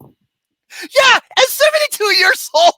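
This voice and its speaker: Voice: extremely high pitch, expressive, slow pace, sharp tone, no echo. A movie reviewer ranting about a film in a comedic, profane way, mocking and sarcastic, swearing constantly and breaking into laughter.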